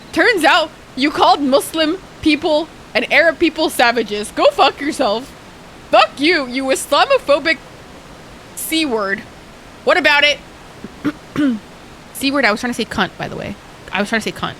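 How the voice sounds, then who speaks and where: Bright-voiced, foul-mouthed young woman streamer. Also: fairly high pitch, a little hiss or hum, poor audio. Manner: blunt, profane and ranting; chats with viewers while playing. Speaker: game streamer. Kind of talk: casual stream chat.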